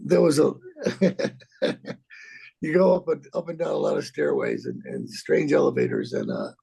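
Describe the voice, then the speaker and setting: A gravelly, husky man in his sixties, recounting a story in an interview. His speech rambles and stumbles, with plenty of cursing and restarts, and his pitch swings widely from low growls to sudden high notes. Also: wildly swooping pitch, warm tone. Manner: rambling, profane, halting with repeats and laughs. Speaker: actor telling a story.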